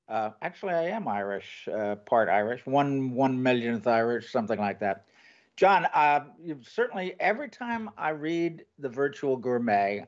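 A man with a mid-range voice hosts an interview, eager and laughing often as he draws out his guest. The audio is dull and lo-fi, as if recorded over a call. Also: medium pitch. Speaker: podcast host. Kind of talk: conversational interview.

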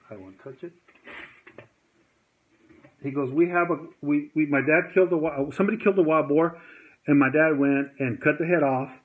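A man's voice: medium pitch, phone-quality sound. Worked-up guy ranting to his camera, rambling, acting out what people said, sounds like it's over a phone. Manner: agitated, rambling, acts out quoted dialogue. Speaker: vlogger. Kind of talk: heated storytelling to camera.

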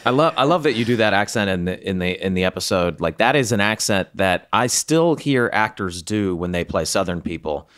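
A man's voice: low-pitched, animated, fairly quick, few pauses, fairly bright tone. A man from the American South, co-hosting a podcast in casual, emphatic chat. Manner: emphatic, talks through points with many fillers. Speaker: podcast co-host.

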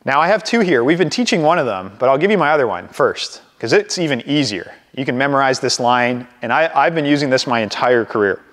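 A man leading a live sales training session for a group, coaching in an energetic way and acting out phone calls. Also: medium pitch, fairly quick, hardly any pauses, long reverb tail. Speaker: real estate sales trainer.

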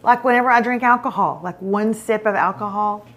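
A woman's voice: medium pitch, brisk, a bit bright. A middle-aged woman, hosting a show and telling a self-mocking story in casual chat. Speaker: show host.

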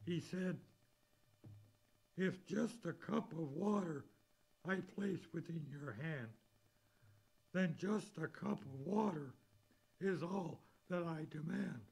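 Man, preacher, sermon, very slow, gravelly, reads scripture deliberately. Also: a little high, a little mellow, poor audio. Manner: slow, deliberate reading of scripture and hymn lyrics.

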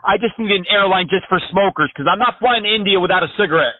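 A man's voice: sits high, fast, no room sound. A man making a prank phone call, ranting in a brash, profane, rambling way over the line. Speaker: prank caller.

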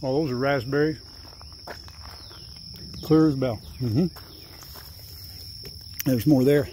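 A man's voice: medium pitch, takes it slowly, mellow, slight background noise. An older man chatting casually through a farm vlog outdoors, rambling and fondly coaxing his animals. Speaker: farm vlogger. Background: faint insects and crickets.

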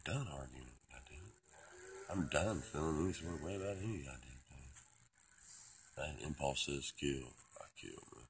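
A man delivering a profane, rambling philosophical monologue, swinging between loud outbursts and hushed whispers. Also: very deep voice, fairly quick, husky. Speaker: vlogger.

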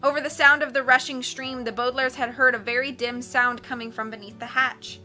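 Bright high woman reading a novel aloud. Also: a little fast, soft background music. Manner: expressive, lifts her voice for dialogue. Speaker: audiobook reader.

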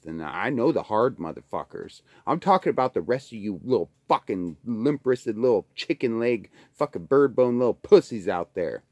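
A middle-aged man who grew up in Alaska, vlogging from his kitchen by the wood stove, swearing constantly in a loud, angry rant. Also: deep voice, no room sound, studio quality. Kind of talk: casual ranting monologue.

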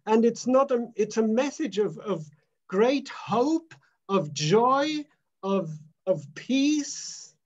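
A male minister delivers a sermon at a very unhurried pace, leaning on repeated phrases with emphatic weight. The recording is dull and lo-fi, with a muffled top end. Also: very high voice, expressive.

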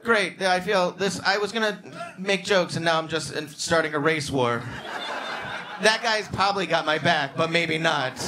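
A male stand-up comedian doing crowd work on a club stage, bantering with the audience and breaking into loud, excited outbursts. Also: fairly high pitch, normal speed, background noise. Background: audience laughter and club ambience.

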